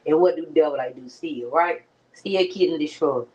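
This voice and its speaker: Young woman vlogger, low voice, casual slangy pep talk straight to camera, keeps saying friend. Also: moderate pace, a little mellow, poor audio. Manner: slangy, conversational, keeps addressing viewers as friend. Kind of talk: casual motivational chat. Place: at home. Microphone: streaming setup.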